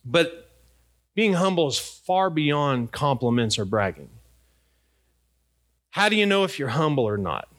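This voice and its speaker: A man's voice: a little high, very animated, measured pace, pauses often. A middle-aged man preaching a sermon in a conversational way, asking his congregation questions. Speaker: pastor.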